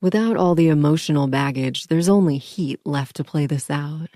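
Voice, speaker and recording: A woman's voice: low voice, normal speed, warm tone, no room sound, clean studio sound. A woman narrating a first-person audiobook in an intimate, murmuring manner.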